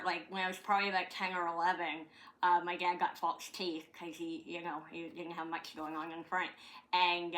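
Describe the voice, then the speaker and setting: Chatty middle-aged canadian woman rambling at home, bright clear voice, swears a bit. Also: lowish voice. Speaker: vlogger. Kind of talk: casual chat.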